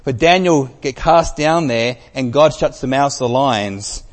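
A man preaching a sermon, telling a story with emphasis and dropping from loud to very soft. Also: medium pitch, lively intonation, a little slow. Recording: long reverb of a large hall.

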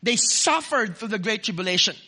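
A man's voice: high voice, animated, a little fast, sharp tone. A man preaching a sermon to a congregation, explaining a passage point by point and putting questions to the listeners. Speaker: pastor. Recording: long hall reverb.

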